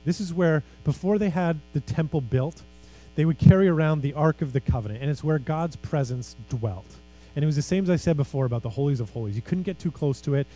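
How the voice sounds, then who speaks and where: Mellow-voiced man preaching a sermon. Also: fairly high pitch, fairly quick, few pauses, low-quality recording. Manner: earnest, emphatic preaching with conversational asides. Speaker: pastor.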